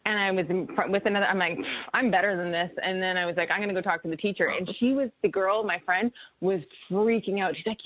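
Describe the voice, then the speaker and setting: A woman's voice: medium pitch, quick pace, few pauses, no echo. A woman co-host with a mid-range voice tells a story and slips into the voices of the people in it. The audio is dry and narrow like a phone call. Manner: animated storyteller, acts out voices. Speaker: radio show co-host. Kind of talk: casual radio storytelling.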